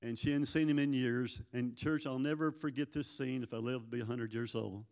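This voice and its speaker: A man's voice: medium pitch, fairly even intonation, fairly quick, vocal fry, darkish tone. Older man telling stories from the pulpit. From Arkansas. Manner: folksy storytelling, acts out voices in quotes. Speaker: prison ministry guest speaker. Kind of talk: church testimony storytelling. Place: church sanctuary. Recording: long church reverb.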